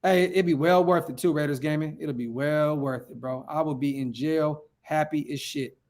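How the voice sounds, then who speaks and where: A man's voice: a little high, steady tone, moderate pace, a little mellow. A man from Northern California hosting a casual fan livestream, reading viewer comments aloud in a hyped, slangy way and repeating his phrases. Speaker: fan channel livestream host.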